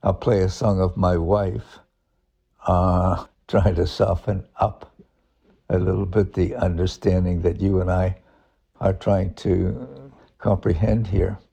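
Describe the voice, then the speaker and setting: Slow, gravelly deep-voiced man reflecting. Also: fairly even intonation, mellow. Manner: halting, searching, thinks aloud. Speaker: Christian speaker. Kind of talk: reflective spiritual talk.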